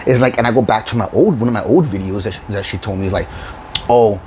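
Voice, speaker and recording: A man's voice: on the low side, fast, darkish tone, a little hiss or hum, low-quality recording. A man hosting his own video channel, delivering a profane, confrontational rant with frequent laughs. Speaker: YouTube channel host. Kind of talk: ranting vlog monologue.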